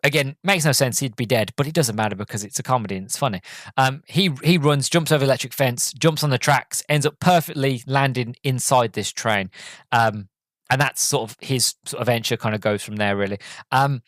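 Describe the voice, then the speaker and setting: A man's voice: medium pitch, brisk, a bit bright, no echo. A man hosting a podcast, giving a casual, enthusiastic movie review full of fillers and restarts. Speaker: podcast host.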